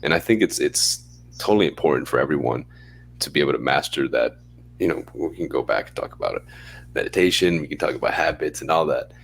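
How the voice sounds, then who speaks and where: A man co-hosting a podcast, talking in a laid-back, chatty way and now and then acting out a bright phone voice. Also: rumbling low, animated, quick pace, creaky, husky. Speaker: podcast co-host. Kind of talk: casual chat.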